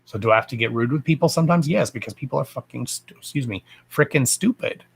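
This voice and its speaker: A man's voice: medium pitch, fast talker, gravelly, husky. A man hosting a casual livestream from home, talking bluntly and swearing freely in a fired-up, emphatic rant. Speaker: livestream host.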